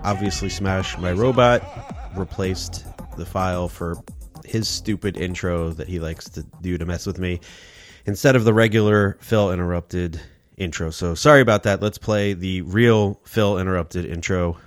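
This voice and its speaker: A man's voice: low-pitched, moderate pace, soft background music. A man hosting his own podcast in casual solo talk, sounding nasal from a stuffy nose, chatty and self-deprecating with rambling asides. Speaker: podcast host. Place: home recording setup in New Jersey.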